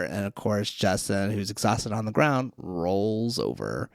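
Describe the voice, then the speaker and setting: A podcast co-host casually recapping a TV episode, telling the story in an animated way and acting out the lines. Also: medium pitch, a little slow, few pauses, dry recording, studio quality. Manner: animated storyteller, acts out quotes.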